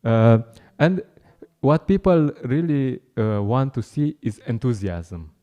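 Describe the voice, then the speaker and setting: Dark-voiced man giving a chatty talk. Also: medium pitch, expressive, slow, muffled recording. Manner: chatty, laughs often, acts out street encounters. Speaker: speaker at a temple class. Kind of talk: informal talk.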